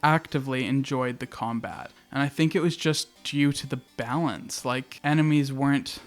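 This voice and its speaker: Male host, casual game-review chatter, smooth clear voice, eager and a bit profane, faint music underneath. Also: medium pitch, moderate pace. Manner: excitable, chatty, swears casually. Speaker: video essay host.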